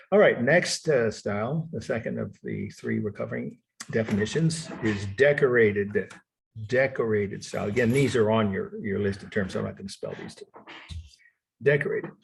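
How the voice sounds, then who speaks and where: Gravelly-voiced male art history lecturer. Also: on the low side, a little hiss or hum. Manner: repeats definitions slowly, self-correcting, chuckles. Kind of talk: online lecture. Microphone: computer mic on video call.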